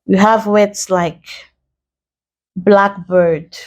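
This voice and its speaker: A woman's voice: mid-range voice, mellow. A woman teaching an exam-prep English lesson with a Nigerian accent, explaining rules step by step and spelling out letters. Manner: slow, deliberate, spells out letters. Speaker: English tutor.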